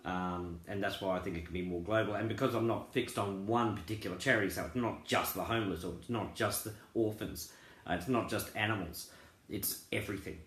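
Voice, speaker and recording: A man's voice: lowish voice, brisk, a bit bright. Rambling earnest man in a roomy echo. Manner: rambling, earnest, many fillers and restarts. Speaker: crypto group founder. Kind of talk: casual promotional talk.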